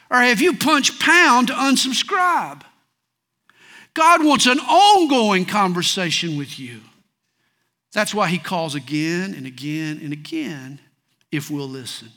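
Male pastor, high and animated delivery, unhurried, folksy sermon style. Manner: folksy, dramatic swings between loud and soft.

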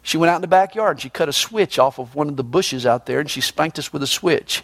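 A middle-aged man, preaching a sermon emphatically and swinging between loud and low. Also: fast. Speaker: pastor.

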